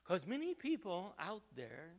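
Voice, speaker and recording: A man preaching a sermon as pastor, stressing key words slowly and swinging from quiet to loud. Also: high voice, wildly swooping pitch. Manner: preaching with emphatic slow stresses and big swings in loudness.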